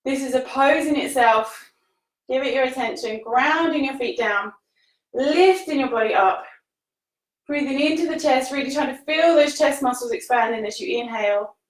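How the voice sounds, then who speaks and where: A woman's voice: sits high, normal speed. A woman leading a live-streamed yoga class, cueing breaths and poses in an encouraging, casual way while exercising and a little out of breath. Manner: encouraging, laughs often, casual British phrasing. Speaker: yoga teacher. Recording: echoey room, voice from the mic's distance.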